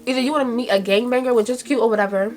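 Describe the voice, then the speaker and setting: This is a young woman with a Brooklyn New York accent, talking in a loose, slangy vlog style and breaking into giggles often. Her voice sits a little on the high side, and faint music plays underneath. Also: fairly even intonation, rapid-fire, a little mellow. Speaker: vlogger. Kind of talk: casual chat.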